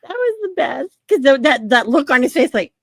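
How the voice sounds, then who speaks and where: A woman's voice: high voice, normal speed, no echo. A woman co-hosting a podcast in casual chat, telling stories with lots of fillers and swearing. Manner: animated storyteller, swears freely, many fillers. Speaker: podcast co-host.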